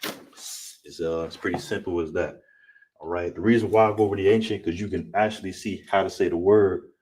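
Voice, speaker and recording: Low-voiced guy teaching online, keeps saying "all right?", sounds a bit far from the mic, faint hiss. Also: steady tone, a little fast, darkish tone. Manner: repetitive, checks in with "you understand?". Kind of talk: online class lesson. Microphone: streaming setup.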